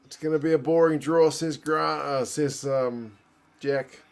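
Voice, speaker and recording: A man's voice: a little high, fairly even intonation, measured pace, smooth. A man hosting a casual live watch-along, chatting and reacting aloud to a rugby match. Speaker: host.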